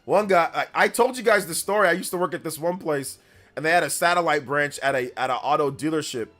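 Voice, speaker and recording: A man's voice: on the high side, fast, faint music behind. A man hosting a casual gaming livestream, telling rambling stories in slangy talk full of "bro" and "like". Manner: rambling storyteller, slangy, says "bro" and "like" often; grows loud and animated when telling a story. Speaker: gaming news streamer.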